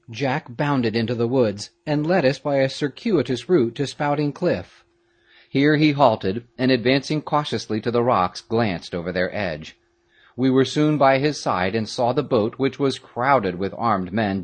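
A man narrating a classic adventure story in the first person, with an expressive, dramatic reading. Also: medium pitch, a little slow. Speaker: audiobook narrator.

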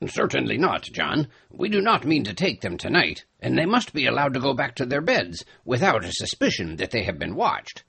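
A man voicing a gruff older sea captain in a storybook reading, hearty and commanding. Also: medium pitch, huge pitch swings, normal speed, hardly any pauses, pushed and bright, pitched above the performer's own voice, full character voice. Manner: hearty, commanding, says "lad".

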